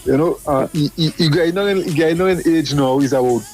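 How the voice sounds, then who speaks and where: A middle-aged man, calling in to a radio show and telling a story in an animated way, repeating words as he goes. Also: a little high, quick pace, soft background music. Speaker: caller. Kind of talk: casual storytelling.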